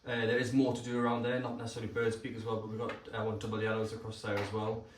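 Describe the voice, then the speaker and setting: An earnest man speaks fast and flat in a lowish voice, repeating himself as he reports at a council meeting. The sound is roomy and distant, with faint noise behind. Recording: echoey room, distant mic, faint noise.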